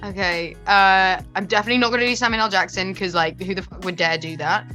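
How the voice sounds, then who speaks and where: Bright, quick-talking actress. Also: female voice, mid-range voice, faint music behind. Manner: quick, self-deprecating, laughing. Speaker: actress guest. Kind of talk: casual interview chat.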